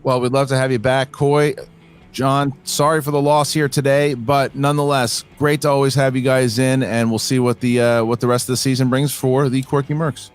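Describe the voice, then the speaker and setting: A man hosting a trivia competition show, breaking down a match with upbeat energy. His voice sits at an ordinary middle pitch, and soft music plays faintly behind him. He talks in long, flowing runs. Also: flat delivery, moderate pace, clean tone. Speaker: show host. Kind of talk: post-match analysis and sign-off.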